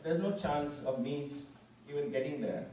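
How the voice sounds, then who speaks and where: A man, giving an animated personal testimony to a gathering and often quoting himself. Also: on the high side, normal speed. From India. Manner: animated storytelling, quoting himself, frequent restarts. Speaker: speaker at a devotional gathering. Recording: echoey hall from far off, faint room noise.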